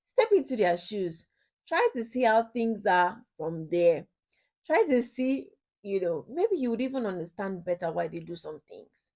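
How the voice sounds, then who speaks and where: A woman's voice: medium pitch, sing-song, measured pace, mellow. Woman teaching about marriage acceptance. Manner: repeats key points, asks listeners questions. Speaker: ministry speaker.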